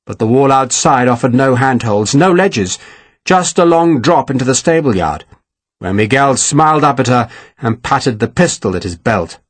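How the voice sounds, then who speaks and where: Man, audiobook narration, expressive lively delivery, dry close sound. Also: medium pitch, normal speed, dry recording. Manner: dramatic, expressive reading. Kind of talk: scripted narration.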